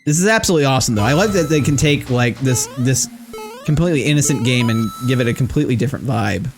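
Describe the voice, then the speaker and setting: An excitable man streams a game live, talking to his chat and swearing freely. His pitch leaps all over the place in a lively, bouncy delivery. Game music plays clearly behind him. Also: fast talker. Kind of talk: live gameplay commentary.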